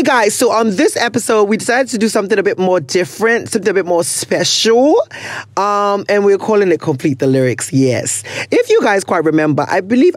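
A young man with a Ghanaian accent hosts a podcast in casual conversation, playful and often laughing, slipping in bits of pidgin. His voice sits high, and the recording has no room sound.

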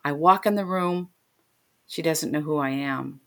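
A middle-aged woman with a low voice tells a personal story as an interview guest. She speaks with open emotion and briefly takes on the voices of the people she describes. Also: unhurried, a bit bright. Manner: emotional, retells scenes by voicing the people in them.

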